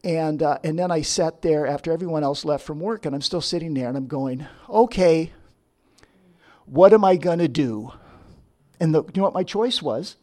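A man's voice: on the high side, a little fast, few pauses, dark tone. A middle-aged man, a counselor, telling a personal testimony story with frequent restarts. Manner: storytelling, acts out quotes, self-interrupting restarts. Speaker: licensed professional counselor.

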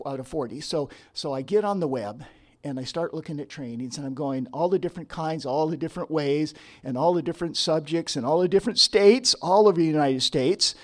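A fairly quick, slightly high male voice belongs to a middle-aged licensed professional counselor recounting his personal testimony. He acts out quotes and frequently breaks off to restart his sentences.

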